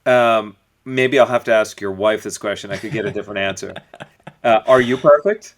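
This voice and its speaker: A man, a business coach as guest, explaining points through acted-out everyday stories in a relaxed interview. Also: on the low side, moderate pace. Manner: storytelling, acts out little dialogues. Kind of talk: conversational podcast interview.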